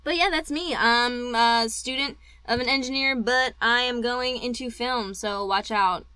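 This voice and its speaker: A woman's voice: a little high, unhurried, pushed and bright, clear, resonant tone, no room sound. A woman in her early twenties, a returning guest on a podcast, chatting in a bubbly, joking way. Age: 20s. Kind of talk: casual chat.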